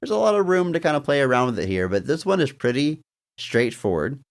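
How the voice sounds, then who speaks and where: A man's voice: medium pitch, fairly quick. A man co-hosting a casual podcast, retelling scenes with animation and chuckling as he goes. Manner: animated storyteller, laughs while retelling scenes. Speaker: podcast co-host.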